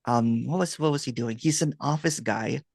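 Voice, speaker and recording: Man, host, casual video-call chat, laughs a lot, animated storytelling, dry close sound. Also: mid-range voice, normal speed, creaky, no room sound. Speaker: host, non-duality guide.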